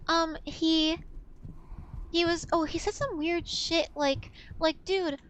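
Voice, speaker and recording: A woman's voice: very high voice, fairly even intonation, slow, fairly bright tone. A young woman streaming a game, chatting casually, swearing freely and gasping with startled laughter. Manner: swears freely, gasps oh my god, shrieks with laughter. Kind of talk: casual gaming stream chat.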